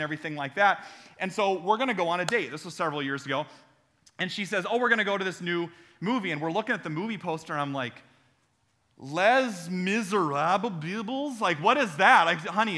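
A man's voice: sits high, pushed and bright. A young adult man preaching a sermon in a church, talking conversationally and telling funny stories, calling out to the audience. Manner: conversational, humorous storytelling with audience call-outs. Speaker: pastor. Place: church sanctuary.

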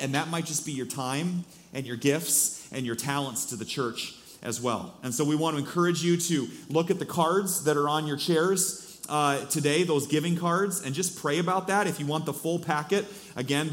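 A male pastor preaching a sermon in a church, speaking conversationally with many fillers and restarts. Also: a little high.

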